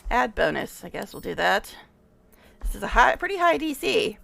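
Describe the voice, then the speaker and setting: A woman's voice: a little high, very animated, normal speed, creaky, a bit bright, no echo. A woman streamer giving casual gameplay commentary, chatty and giggly, with frequent laughs.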